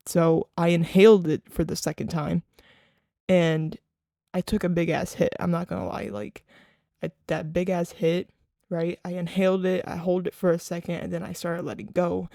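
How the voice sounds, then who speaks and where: A man's voice: high voice, little pitch movement, normal speed, vocal fry, mellow, no echo, clean studio sound. A young man casually telling a rambling, profane story with lots of fillers.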